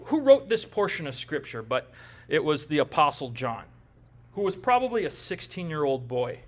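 The speaker is a pastor in his forties giving an expository sermon, with a voice that's a little high and a bit bright. His conversational, emphatic style includes frequent "right?" tags aimed at the congregation.

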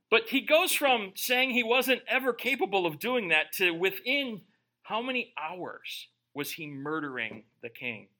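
Preaching before a live church congregation, this male pastor reads scripture and interrupts himself with joking, chatty asides. His high-pitched voice is sing-song and sharp in tone, his pace a little slow, and the recording rough.

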